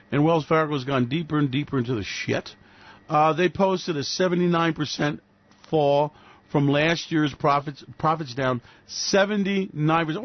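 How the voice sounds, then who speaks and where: A man's voice: fairly high pitch, dry recording, dull audio. A man hosting a radio show, ranting in a sarcastic, profane, mocking way. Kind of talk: solo financial commentary rant.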